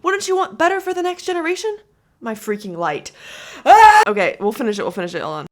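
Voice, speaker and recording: A woman's voice: fairly high pitch, lively intonation, fast talker. A woman reacting to clips in a casual vlog, talking to camera in a chatty, exasperated way with lots of "like". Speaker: commentary vlogger.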